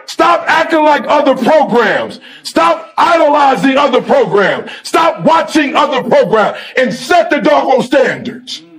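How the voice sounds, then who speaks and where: A middle-aged man giving a motivational speech to a sports team, switching between fiery shouted exhortation and laid-back storytelling. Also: very high voice. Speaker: motivational speaker.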